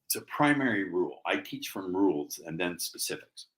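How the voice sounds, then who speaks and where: Male sales coach, deep and punchy, leans hard on key words. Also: expressive, moderate pace, fairly bright tone, poor audio. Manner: emphatic, playful, stresses key words. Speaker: guest sales trainer. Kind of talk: teaching sales techniques.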